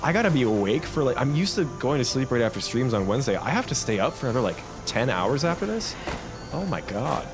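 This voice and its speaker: A man streaming a game, thinking out loud and chatting to viewers in a loose, rambling way. His pitch swings about a lot as he talks. Game music plays clearly underneath his voice. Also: fast. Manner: rambling, lively, talks to himself and chat. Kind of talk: casual live-stream chat while gaming.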